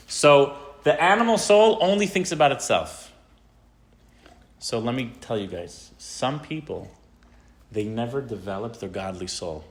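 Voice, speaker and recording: A rabbi giving an informal, animated talk to teenagers. He tells a story and often asks the audience questions. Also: medium pitch, a little slow. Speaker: rabbi teaching teens.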